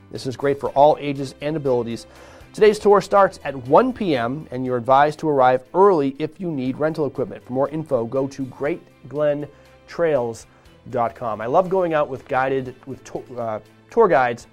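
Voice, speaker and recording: A man's voice: medium pitch, darkish tone. A man hosting a live morning show, upbeat and chatty, with rambling asides.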